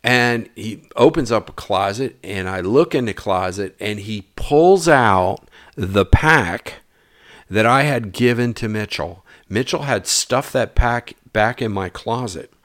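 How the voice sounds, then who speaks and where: Low-voiced man telling a story. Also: slow pace, dry recording, studio quality. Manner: animated, acts out dialogue, drops to mutters. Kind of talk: casual personal storytelling.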